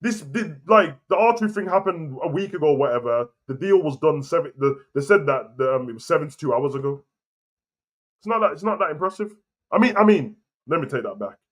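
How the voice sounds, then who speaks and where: A man's voice: a little high, animated, fairly quick. A man, hosting a casual wrestling opinion show and arguing his point heatedly and repetitively. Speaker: wrestling commentary host. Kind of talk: casual opinion rant to camera.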